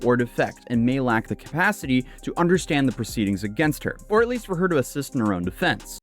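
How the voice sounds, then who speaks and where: A man's voice: medium pitch, very animated, quick pace, soft background music. A man narrating a recap video in a wry storytelling manner. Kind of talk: recap narration over music.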